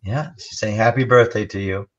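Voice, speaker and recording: A man from Rhode Island with a Rhode Island accent, talking in a relaxed, easygoing way. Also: fairly low pitch, normal speed. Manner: relaxed, easygoing, full of "you know". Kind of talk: casual livestream chat. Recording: dull lo-fi audio.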